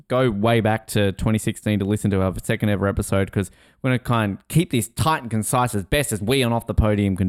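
A man co-hosting a podcast in casual chat, animated and swearing, laughing and mimicking people as he talks. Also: on the low side, clear, resonant tone, dry recording, clean studio sound. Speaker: podcast co-host.

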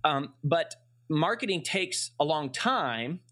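A man's voice: on the high side, animated, takes it slowly, a bit bright. A man hosting an interview about sales, asking questions in a casual way and thinking aloud as he speaks. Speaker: podcast host, sales consultant. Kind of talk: conversational interview.

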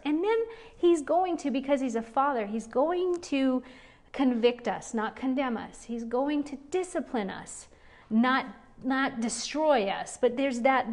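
A woman giving an emphatic, animated faith talk, chatty and full of fillers. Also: on the high side. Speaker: speaker teaching a faith group. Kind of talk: animated sermon-style teaching.

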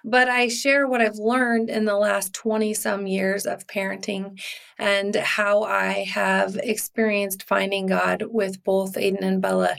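A woman's voice: mid-range voice, creaky. A woman in her forties hosting a podcast, talking in a casual, earnest and encouraging way. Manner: earnest and encouraging, with fillers and restarts. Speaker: podcast host. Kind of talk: casual heartfelt podcast talk.

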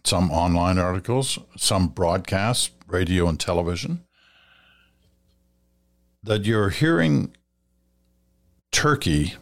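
A man hosting a listener feedback segment on radio, talking in a measured, advising way with some fillers and restarts. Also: deep voice, lively intonation. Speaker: radio host reading listener letters. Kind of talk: conversational radio commentary.

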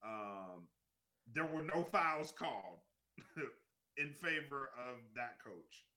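A man co-hosting a casual podcast, telling a story with animated energy and plenty of swearing. His voice is sharp and very bright, and it rises and falls widely. The room around him is roomy and echoey. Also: medium pitch, slow pace. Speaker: podcast co-host. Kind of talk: casual chat.

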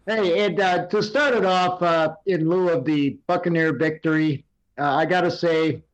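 Running a recurring guest segment on a casual podcast over a video call, an older man tells rambling stories and poses quiz questions, full of fillers. His voice is fairly high and steady at normal speed, with the highs cut off.

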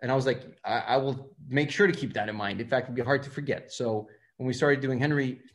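Fast-talking man. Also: mid-range voice. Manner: fast, animated, acts out quoted dialogue. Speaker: film director, guest. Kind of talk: casual interview storytelling.

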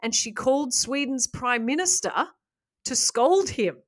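A woman's voice: high-pitched, measured pace. Woman telling a story on a podcast. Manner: lively retelling with asides and laughs. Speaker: podcast host.

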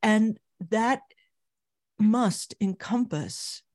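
A middle-aged woman recounting memories as an interview guest, telling her story vividly and growing animated at its high points. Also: drawn-out words, dry recording, clean studio sound.

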